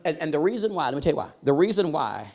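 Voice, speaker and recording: Middle-aged male guest preacher with a high voice, fervent rhythmic sermon delivery built on repeated refrains. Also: sing-song, a little mellow. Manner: breaks into chanted delivery with drawn-out "uh" lead-ins.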